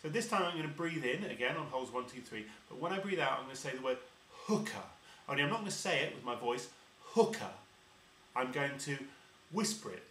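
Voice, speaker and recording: A man's voice: mid-range voice, animated, quick pace, pushed and bright, distant mic, slight background noise. A man teaching harmonica step by step, patiently explaining and demonstrating each sound. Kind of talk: step-by-step instrument lesson. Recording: roomy echo.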